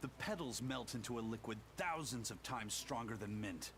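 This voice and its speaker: A man's voice: mid-range voice, lively intonation, normal speed, lightly acted. An actor voicing a proud, stubborn grown male pirate in a video game, dramatic and argumentative. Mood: explaining. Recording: game audio with ambient noise.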